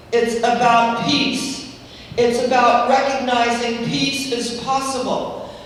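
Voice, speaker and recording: A woman minister giving a sermon, measured and teaching, with asides and stories. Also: sits high, slight background noise. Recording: echoey hall, heard from far off.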